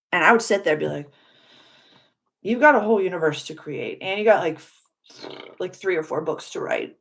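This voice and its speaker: Effusive woman hosting a spiritual live stream. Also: fairly low pitch. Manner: warm, effusive, spiritual coaching tone, reads out viewer comments. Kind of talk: casual live-stream talk to viewers.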